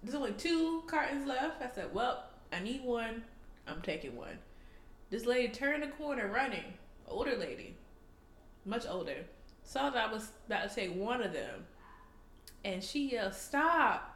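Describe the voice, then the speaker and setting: Woman cohost, high voice all over the place, cussing through a funny story, roomy echo. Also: moderate pace. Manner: animated, profane, acts out people in her stories. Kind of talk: casual chat, storytelling.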